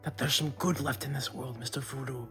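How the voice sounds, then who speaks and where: A man's voice: medium pitch, steady tone, brisk, a bit bright, faint music behind, voice pushed up, lightly acted. A man putting on a clumsy, overdone English rural accent to play a loyal young male hobbit gardener. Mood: earnest. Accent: rough attempt at an English rural accent.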